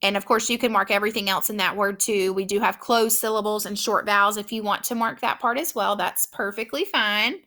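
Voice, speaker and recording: A woman teaching a phonics lesson, patiently sounding out words slowly and clearly. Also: mid-range voice, steady tone, pushed and bright. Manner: patient, encouraging.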